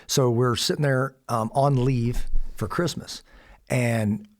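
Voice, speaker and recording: A man from the United States telling a personal story in a conversation, animated and acting out the voices of others. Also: medium pitch, slow. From Kansas City, USA. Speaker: podcast guest.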